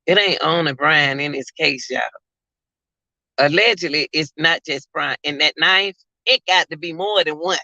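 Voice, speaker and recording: A woman's voice: low voice, normal speed, pushed and bright, no room sound. A woman vlogger, chatting casually to her viewers about a case. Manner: chatty, addresses viewers as y'all. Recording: dull lo-fi sound.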